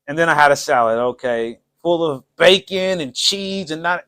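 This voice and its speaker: A man talks straight to his viewers in a casual vlog, his voice sitting unusually high for a man. He tells his story in a loose, animated way, full of slang and quick laughs. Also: clean tone. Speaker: channel host.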